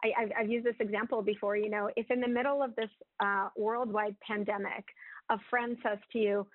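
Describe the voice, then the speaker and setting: A woman's voice: fairly high pitch, flat delivery, normal speed, no echo. A woman giving advice on a webinar in a chatty way, with many fillers. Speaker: webinar speaker. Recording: tinny phone-like line.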